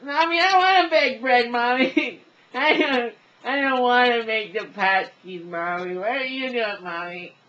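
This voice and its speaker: A man's voice: very high voice, unhurried, pushed and bright, dull audio, voice pushed up, exaggerated voice. A man voicing a whiny little child, pleading and whining.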